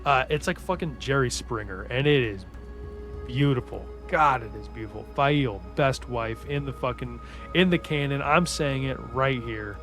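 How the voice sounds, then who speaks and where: A man hosts a casual book recap podcast, rambling enthusiastically and swearing a lot in a chatty way. His voice is mid-range and fairly bright, at a moderate pace, with faint music in the background.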